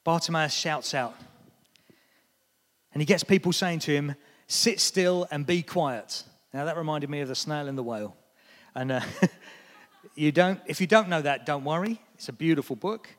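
A man's voice: on the high side, normal speed, long pauses. A British man preaching a sermon, telling stories with animation and acting out the lines he quotes. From Britain. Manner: animated storytelling, acts out quotes in raised voice. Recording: long hall reverb.

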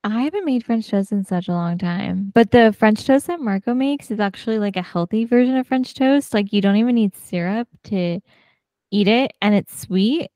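A woman co-hosting a podcast in casual chat, talkative and quick to laugh. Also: medium pitch, dark tone, dry recording, clean studio sound. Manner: chatty, laughs often, many fillers. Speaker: podcast co-host.

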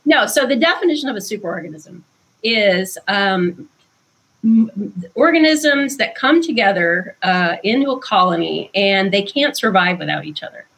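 A woman guest author explaining ideas in conversation, thoughtful and unhurried, with frequent ums. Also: medium pitch, animated, a bit bright, slightly rough, rough recording.

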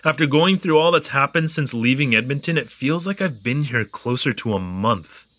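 A man's voice: mid-range voice, moderate pace, lightly acted. A man playing a chatty young newcomer. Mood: musing. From Canada. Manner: animated, joking, wandering asides. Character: young male newcomer keeping a spoken diary, curious, chatty. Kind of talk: audio drama narration.

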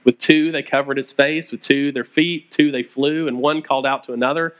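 A pastor preaching a conversational sermon, retelling stories and acting out the quoted voices. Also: male voice, mid-range voice, fairly even intonation, brisk, highs cut off.

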